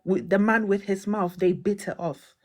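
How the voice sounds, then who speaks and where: Woman caller, emotional and indignant, forceful delivery. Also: mid-range voice, normal speed. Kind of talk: impassioned call-in statement.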